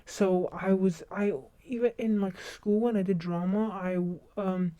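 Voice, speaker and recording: A woman's voice: medium pitch, steady tone, a little slow, dark tone. A young woman chatting casually on a livestream, rambling along and often restarting her sentences. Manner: rambling, self-interrupting with many restarts. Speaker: streamer.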